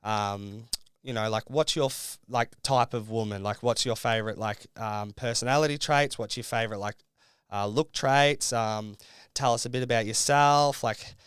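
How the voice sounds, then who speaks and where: A man's voice: mid-range voice, moderate pace, fairly bright tone, clear, resonant tone, dry recording, studio quality. A young Australian man and reality show contestant, telling his story in a casual podcast interview, rambling with lots of fillers.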